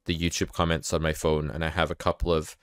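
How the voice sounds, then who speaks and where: Deadpan low-voiced Scottish man. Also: fast, clear, resonant tone. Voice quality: monotone. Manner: deadpan, dry humor. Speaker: podcast host. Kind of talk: casual chat.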